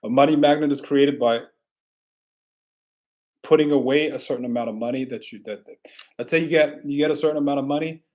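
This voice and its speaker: A man hosting a casual livestream, answering viewer questions in a relaxed, rambling way with frequent restarts. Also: medium pitch, fairly quick, pauses often.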